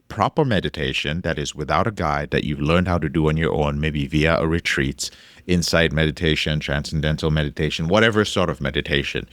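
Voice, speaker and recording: A man's voice: a bass voice, fairly bright tone, no room sound. A man hosting a podcast alone and coaching listeners in recovery, talking emphatically, repeating key phrases and swearing casually. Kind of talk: solo podcast monologue.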